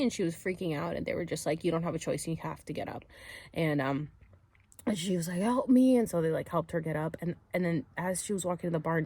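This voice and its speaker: A woman with a slightly low voice talks straight to her camera, rambling through her story in a loose, chatty way. She leans on "like" and "um" and slips into voices when she quotes people. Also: a little mellow. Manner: chatty, full of "like" and "um", acts out quotes. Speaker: vlogger. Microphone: camera mic while filming herself.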